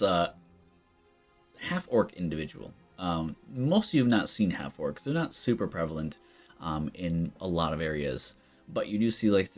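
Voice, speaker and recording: A man running a tabletop game as game master, narrating loosely with lots of fillers. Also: low voice. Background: faint background music.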